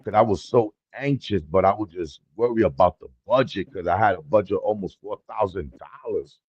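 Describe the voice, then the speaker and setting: Male guest, slightly low voice, excitable storyteller, dry lo-fi remote audio. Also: fairly quick, breathy edge, no room sound. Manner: excited storyteller, slangy, acts out dialogue. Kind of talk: casual livestream chat.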